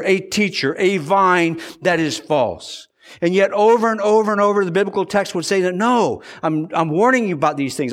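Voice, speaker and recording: A pastor preaching an earnest sermon, repeating phrases for emphasis and moving between slow, deliberate stretches and quick bursts. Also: male voice, high voice.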